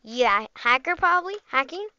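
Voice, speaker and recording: Woman, gaming host, high bright voice, excitable rambling play-by-play, dry close sound. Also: normal speed, dry recording, highs cut off. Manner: excitable, chatty, rambling with frequent "like" and "bro". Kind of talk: live gameplay commentary.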